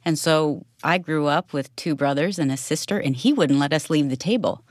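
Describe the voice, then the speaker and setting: A woman, a co-host telling a story in conversation, lively and expressive. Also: deep voice, moderate pace, no echo, clean studio sound.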